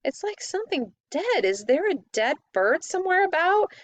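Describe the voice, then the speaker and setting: A woman voicing a startled, disgusted boy in a storybook reading, with high, breathless exclamations. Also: very animated, normal speed, no room sound.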